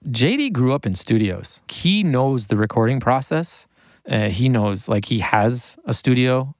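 A man's voice: mid-range voice, a little slow, no room sound. Chatty man with dry sound. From United States. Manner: rambling and animated, laughs often. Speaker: guest, mixing engineer. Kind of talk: casual interview chat.

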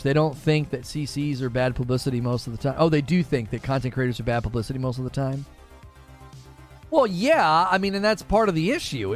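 A man hosting a gaming livestream, chatting casually with viewers, joking and reading chat aloud. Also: fairly high pitch.

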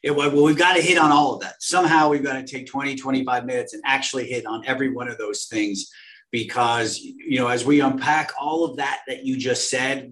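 A man's voice: medium pitch, a bit bright. Eager man as a podcast guest. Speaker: guest, marketing executive. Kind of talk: business interview.

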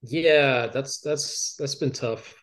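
A man's voice: mid-range voice, slow. Hesitant man, filler-heavy. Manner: hesitant, many fillers and restarts. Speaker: author guest. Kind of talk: reflective interview talk. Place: podcast studio.

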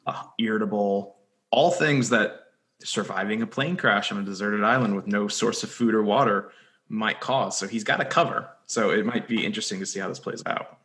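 Low-voiced young man, casual podcast chat. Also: moderate pace, fairly bright tone. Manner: jokey, rambling, lots of fillers. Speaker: podcast co-host. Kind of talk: casual chat recapping a TV episode.

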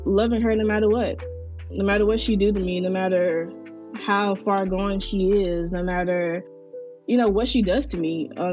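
A young woman tells her own story in a candid, earnest way, pausing often with casual fillers. Her voice sits a little low. Soft music plays faintly beneath her words. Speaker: interviewee sharing her story.

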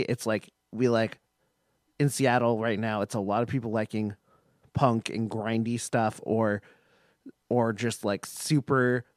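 A man in casual chat, speaking haltingly with many restarts and fillers. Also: mid-range voice, no room sound, clean studio sound.

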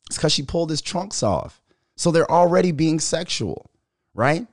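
A man hosting his own podcast, talking sports in a loose, profane style, often laughing and getting loud. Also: fairly high pitch, normal speed, no echo, studio quality. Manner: loud, animated, laughing, swears a lot. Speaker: podcast host. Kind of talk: casual profane sports commentary.

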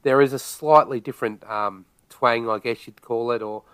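Australian guest, easygoing man, smooth clear voice, dry close sound, casual podcast chat. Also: mid-range voice, steady tone, normal speed, a bit bright, dry recording. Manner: laid-back, opens points with "look".

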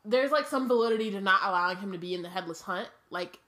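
A woman co-hosting a casual podcast, talking in an animated, emphatic way. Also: fast talker. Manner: animated and emphatic, jumps in pitch when worked up. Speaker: podcast co-host. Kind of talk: casual book-club chat.

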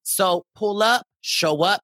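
A man's voice: sits high, slow pace, pushed and bright, no room sound, studio quality. A young man co-hosting a casual podcast chat, laughing often and hyping upcoming tour dates in a playful way. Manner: laughing, hyped, playful promo delivery. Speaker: podcast co-host promoting live tour.

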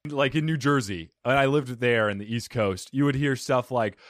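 A man with an Italian accent, whose first language is Italian, hosting a podcast in a smooth, radio-style manner. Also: mid-range voice, moderate pace, hardly any pauses, no echo, studio quality. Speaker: podcast host. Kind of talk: casual podcast interview.

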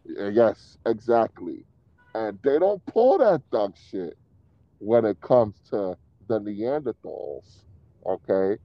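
A man's voice: fairly low pitch, big pitch swings, slow, dry recording, lo-fi sound. A man arguing provocatively in a casual podcast chat, repeating his points with rising heat. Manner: provocative, heated, repetitive, laughs at own claims. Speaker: podcast co-host.

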